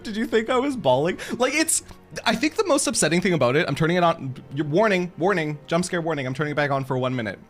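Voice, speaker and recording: A man's voice: sits high, a bit bright. A man streaming a game and chatting casually with his viewers, giggly and self-mocking, laughing often.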